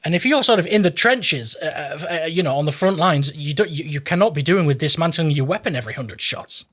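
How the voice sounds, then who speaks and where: Male gaming host, bright, slightly high voice, jokey and rambling. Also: animated, brisk. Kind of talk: casual game weapon review.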